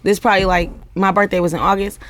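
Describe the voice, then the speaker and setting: A woman's voice: mid-range voice, fairly even intonation, fast talker, fairly bright tone. A woman, animatedly telling a story with quoted dialogue in a casual group chat.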